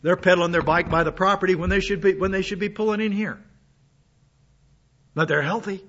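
A pastor with a high, bright voice delivers a sermon while sick with a cough, keeping his manner folksy and conversational with many asides. He speaks a little fast in a steady tone, and the recording has a dull, lo-fi quality.

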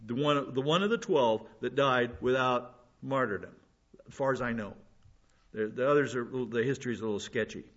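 A man's voice: mid-range voice, normal speed, fairly bright tone. A man preaching a verse-by-verse Bible sermon, conversational with folksy asides and frequent restarts. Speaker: pastor. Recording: dull lo-fi sound.

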